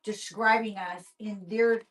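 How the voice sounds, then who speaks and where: A woman co-hosting a live shopping stream, animated and gushing as she chats about the items. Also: medium pitch, slow pace, recorded from a distance, poor audio. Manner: animated and gushing, laughs easily. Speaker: co-host.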